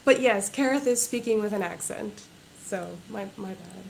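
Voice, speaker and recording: A woman's voice: medium pitch, moderate pace, creaky, background noise. A woman author reading aloud from her own novel at a livestreamed book launch, in a plain reading voice without character voices or accents.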